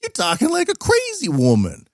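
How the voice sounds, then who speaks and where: A man's voice: very high-pitched, huge pitch swings, normal speed, no echo, clean studio sound, pitched above the performer's own voice, exaggerated voice. A man voicing a brash, dismissive male factory boss in a mocking, pushy caricature. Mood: scoffing.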